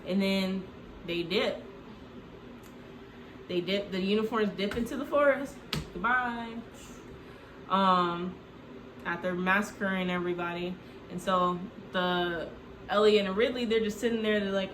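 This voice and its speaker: Pausing at length and keeping a measured pace, a woman with a fairly bright, mid-range voice hosts a casual movie recap, rambling comically with lots of "like" and the odd swear. The room is echoey, with slight background noise.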